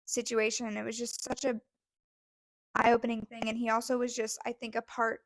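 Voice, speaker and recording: A woman's voice: a little high, flat delivery, normal speed, no room sound. A young woman co-hosting a podcast, telling a story in a casual, gushing way with many fillers, close to tears. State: near tears. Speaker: podcast co-host.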